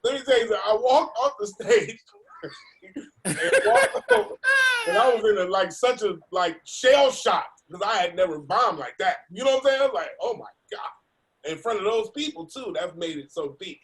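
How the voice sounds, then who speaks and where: A man, a comedian, telling an animated story over a video call, laughing and acting out the voices of other people. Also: high-pitched, normal speed, a little hiss or hum. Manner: laughing, acts out voices in his stories. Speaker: comedian guest.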